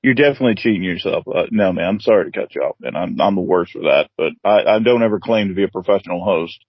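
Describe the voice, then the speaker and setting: A man's voice: sits low, fast talker, dry recording, dull audio. A man hosting a casual interview podcast, rambling and swearing, peppering his talk with "man". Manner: rambling, profane, keeps saying "man". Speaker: podcast host.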